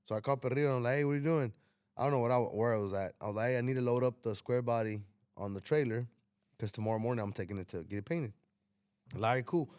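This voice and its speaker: A man's voice: mid-range voice, quick pace, a little mellow, smooth, no room sound, studio quality. A man, hosting a casual talk show and telling a story, acting out the dialogue and swearing freely. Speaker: podcast host telling a story.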